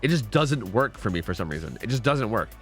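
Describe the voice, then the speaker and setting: A man's voice: fairly low pitch, very animated, fairly quick, fairly bright tone, soft background music. A young man streaming a game, talking casually and rambling with his viewers, swearing freely.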